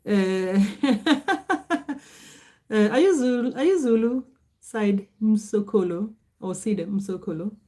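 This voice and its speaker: Speaking at a measured pace, this livestream host has a medium-pitched, dark-toned voice. She's a middle-aged Kenyan-accented woman running a casual stream, where she reads out comments from viewers and welcomes them by name.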